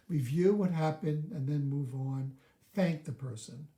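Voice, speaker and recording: A man's voice: on the high side, expressive, unhurried, mellow, echoey room. A man coaching on a live video, walking through steps one by one and acting out sample lines of dialogue. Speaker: relationship coach.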